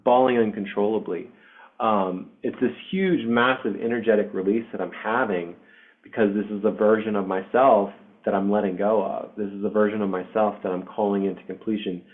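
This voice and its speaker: Low-voiced man in his forties on a tinny call. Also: steady tone, fairly quick. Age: 40s. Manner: candid and emotional, casual swearing and fillers. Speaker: spiritual group host. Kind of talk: casual personal storytelling. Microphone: online video session. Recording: tinny phone-like call audio.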